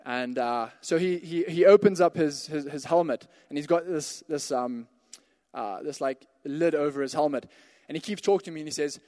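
High-voiced man preaching with a story. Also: moderate pace, a little mellow, big-room sound. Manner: storytelling, builds to emphatic exhortations. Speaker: pastor. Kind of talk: sermon with a personal story.

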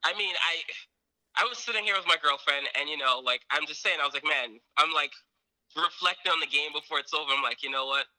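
A man with a bright, forceful voice talks football casually, rambling through his story with lots of "you know" and "I mean". His voice sits a touch high for a man. The sound is dry and close, with no room around it. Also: a little fast, no echo, low-quality recording. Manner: rambling, animated retelling with many fillers. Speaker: sports podcast co-host. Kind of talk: casual sports chat.

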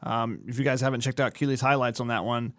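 A man co-hosting a sports podcast, giving relaxed, conversational analysis. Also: mid-range voice, fast, dry recording.

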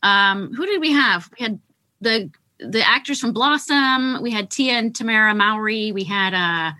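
Bubbly, bright-voiced woman guest. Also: a little high, normal speed, no echo. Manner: bubbly, laughing, expressive. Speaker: podcast guest. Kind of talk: casual chat.

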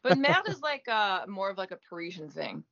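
Brisk and sing-song, this woman's mid-range voice has a fairly bright tone, though the sound is lo-fi. She's an actress in her thirties from Gaspé, Quebec, a French speaker by birth with a slight French Canadian accent. Guesting on a casual interview, she jokes at her own expense and fills her speech with fillers.

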